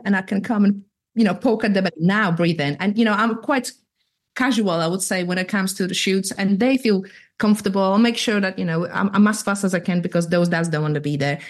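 Straight-talking woman with a Polish accent. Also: fairly low pitch. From Poland. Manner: straight-talking, lively, laughs often. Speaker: photographer, guest. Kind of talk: casual interview chat.

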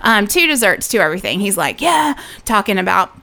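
A young adult woman co-hosting a casual chat, telling an animated story and acting out what people said. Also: medium pitch, fast. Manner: animated storyteller, acts out quotes, laughs often. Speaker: podcast co-host.

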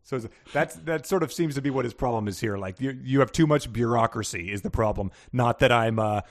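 A man's voice: medium pitch, a little fast. Man joking through a casual chat. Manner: wry, animated asides, laughs often. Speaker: podcast co-host.

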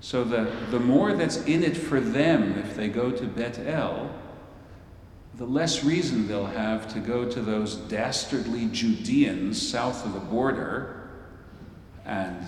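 A man preaching slowly and deliberately, retelling an old story with theatrical flair and wry humor. He is picked up from a distance in a large hall with a long, roomy echo and a faint low rumble. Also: lively intonation, a little mellow. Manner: playful, theatrical, wry asides. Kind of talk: storytelling sermon. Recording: echoey hall from far off.

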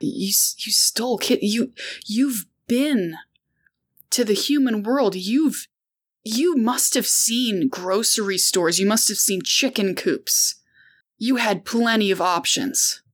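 A woman's voice: mid-range voice, slow, pitched above the performer's own voice. A woman voicing a hurt young man who accuses with rising, barely held emotion. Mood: accusing.

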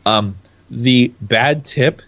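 A man's voice: medium pitch, extremely slow, fairly bright tone. A young adult man from California co-hosting a casual podcast chat, rambling, restarting his sentences and laughing often. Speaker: podcast co-host.

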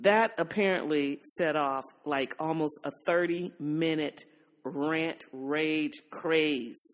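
Laughing, animated woman podcast host. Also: deep voice, takes it slowly. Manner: animated storytelling, laughs often, acts out quotes. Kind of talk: casual chat.

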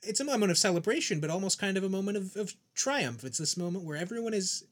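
A man's voice: high-pitched, animated, quick pace. A man co-hosting a podcast, talking through a TV series thoughtfully and often restarting his sentences. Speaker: podcast co-host. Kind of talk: casual chat.

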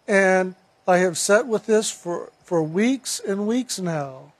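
A man's voice: high voice, lively intonation, slow pace, hardly any pauses. A man earnestly telling a personal story, retelling a conversation step by step.

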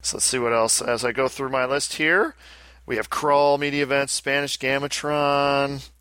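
A man's voice: medium pitch, steady tone, moderate pace, bright, forceful tone, clean tone, no echo. A man co-hosting a casual podcast, rambling and chatty, often breaking off and restarting his sentences. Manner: rambling, self-interrupting, chatty. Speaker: podcast co-host. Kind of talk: casual chat.

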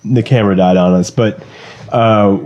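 A man with a low, mellow voice talks hesitantly, stopping and restarting around his fillers. He has the hiccups and is chatting from a bedroom. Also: steady tone, normal speed, dull audio. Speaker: podcast co-host and race driver. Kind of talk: casual chat.

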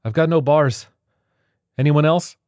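A man's voice: fairly high pitch, a little slow, darkish tone, no room sound, clean studio sound, voice pushed up, lightly acted. A man voicing a woman pianist who barks orders in a crisis. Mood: urgent. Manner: urgent, barking orders. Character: commanding woman pianist, the host.

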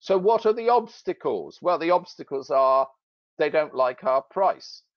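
A man's voice: a little high, expressive, unhurried, no echo, highs cut off. A British man, a sales expert and author, telling a story in casual podcast talk with jokey, self-mocking humor.

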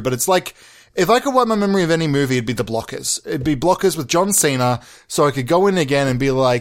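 A man's voice: fairly high pitch, animated, quick pace. A man hosting a comedy podcast, delivering rambling, profane, mock-outraged rants. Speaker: podcast host.

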